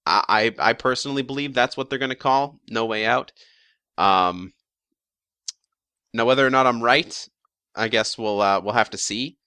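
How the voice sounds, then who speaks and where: A man's voice: mid-range voice, moderate pace, long pauses, bright, forceful tone, clear, resonant tone, dry recording, clean studio sound. A young man talking casually about episode predictions, rambling with lots of fillers, restarts and the odd swear word. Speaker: YouTube show commentator.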